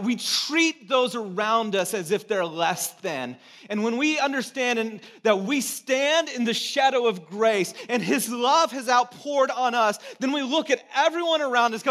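A man's voice: very high voice, expressive, a little slow, fairly bright tone. A man in his thirties from California, preaching a sermon as a pastor in a conversational storytelling way with self-mocking humor.

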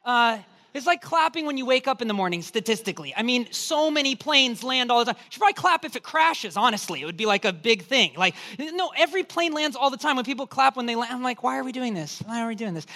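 A man preaching a sermon as pastor, telling a humorous story in an animated, joking way. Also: very high-pitched, fast. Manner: animated, joking storyteller, acts out quoted voices.

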